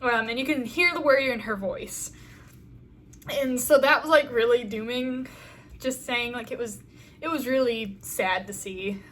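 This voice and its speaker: Bright, chatty young-sounding woman. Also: a little high, a little slow, a little hiss or hum. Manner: enthusiastic, rambling, heavy use of fillers. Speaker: fan video reviewer. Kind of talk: casual chat review.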